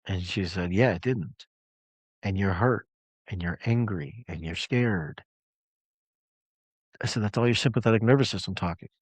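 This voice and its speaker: Low-voiced man coaching a live call. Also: normal speed, long pauses, breathy edge, no echo. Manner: storytelling, emphatic, conversational. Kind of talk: live call talk to clients.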